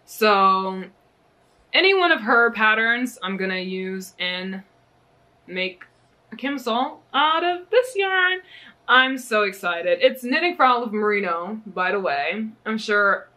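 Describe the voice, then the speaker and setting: Her medium-pitched voice is animated, bright and forceful, kept to a measured pace. She's a young woman from the US, a knitting vlogger chatting casually about her yarn haul, bubbly, gushing and frequently giggling.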